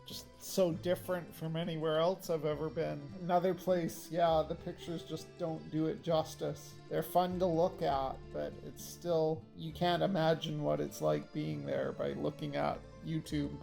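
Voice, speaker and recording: A woman with a very low, gravelly voice chats casually as a travel vlog co-host, her remarks short and dry. Faint music sits behind her. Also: flat delivery, unhurried, few pauses, warm tone, rough recording. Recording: faint music bed under voice.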